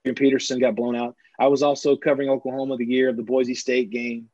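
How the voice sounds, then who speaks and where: A man who is a sportswriter, telling animated anecdotes with frequent restarts in a casual interview, on a slightly dull recording. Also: mid-range voice, fast talker, no room sound. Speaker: sportswriter guest.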